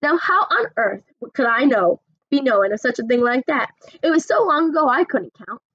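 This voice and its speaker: A woman's voice: high-pitched, expressive, moderate pace, a bit bright, breathy edge, dry recording, dull audio, full character voice. A woman voicing a huge, kindly, very old male giant who mangles his grammar and invents words. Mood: earnest.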